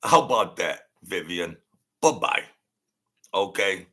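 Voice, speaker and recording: A man's voice: sits low, animated, slow pace. A middle-aged man hosting a livestream, talking bluntly and mockingly while reacting to chat, repeating himself and ranting. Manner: blunt, mocking, repetitive, rants loudly then laughs. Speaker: channel host. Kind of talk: livestream commentary reading chat.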